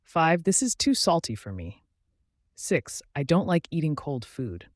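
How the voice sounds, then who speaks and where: Guy reading numbered phrases for learners, slow n clear, kinda high voice, dry close sound. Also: very animated, no echo. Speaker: English teacher.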